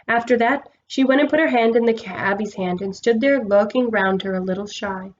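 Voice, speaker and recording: A woman's voice: a little high, normal speed, muffled recording, a little hiss or hum. Woman teacher reading a chapter aloud. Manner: warm, conversational, with fillers. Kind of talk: read-aloud storytelling.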